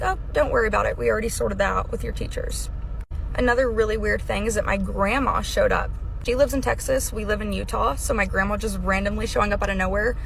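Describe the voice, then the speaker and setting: A woman's voice: mid-range voice, creaky, a little hiss or hum, low-quality recording. A young woman casually tells a personal story to camera in chatty language full of slang. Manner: chatty, uses slang like "sus" and "super duper". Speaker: social media storyteller.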